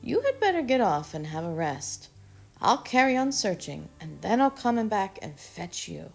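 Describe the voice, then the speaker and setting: A woman voicing a kind, hurried male squirrel who speaks briskly and warmly. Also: medium pitch, sing-song, creaky, faint music behind. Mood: reassuring.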